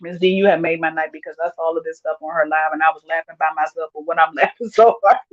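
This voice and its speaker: A woman's voice: sits low, steady tone, fast, no echo. A chatty woman with a drawl hosts a casual livestream, reading out her viewers' comments and breaking into frequent laughter. The sound is dry and slightly dull, from a lo-fi mic. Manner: laughs often, reads viewer comments aloud, Southern US slang. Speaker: livestream host reading chat.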